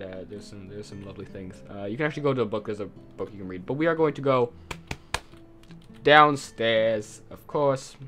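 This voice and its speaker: A man's voice: medium pitch, a bit bright. A man chatting casually while playing a video game, rambling and correcting himself as he goes. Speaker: let's play gamer. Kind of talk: casual gameplay commentary.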